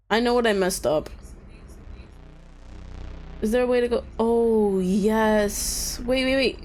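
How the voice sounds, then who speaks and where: A woman's voice: on the high side, a little slow, long pauses, soft background music. A woman streaming a game, chatting to her viewers and reacting with frustration as she plays. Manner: frustrated, talks to chat, self-deprecating. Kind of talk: gameplay commentary.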